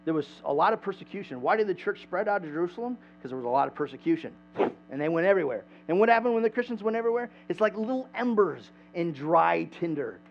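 A man preaching a sermon in a church, conversational and animated, asking the congregation questions. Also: high voice, fast, gravelly, soft background music. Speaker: pastor. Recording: dull lo-fi sound with mains hum.

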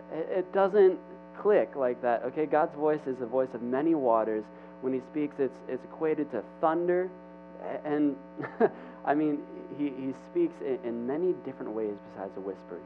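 A young man giving a casual, chatty sermon to a room, talking in halting bursts with restarts and asides. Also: mid-range voice. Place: church hall with an audience. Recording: tinny phone-like recording with hum.

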